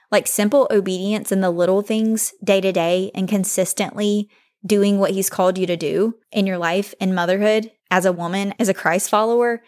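A young woman hosting her own podcast, talking to listeners in an earnest, heartfelt way about faith. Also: medium pitch. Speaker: podcast host. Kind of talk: solo podcast talk.

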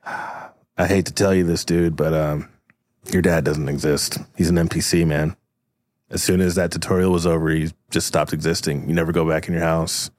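Man, host and game master, casual improv narration, deep, dry sound. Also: little pitch movement, normal speed, a little mellow, dry recording. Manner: casual, filler-heavy storytelling.

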